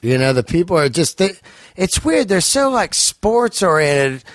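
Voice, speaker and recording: A man's voice: fairly high pitch, very animated, normal speed, dry recording. A man guesting on a comedy podcast, talking in a laid-back, profane, agreeable way. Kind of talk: casual comedy podcast chat.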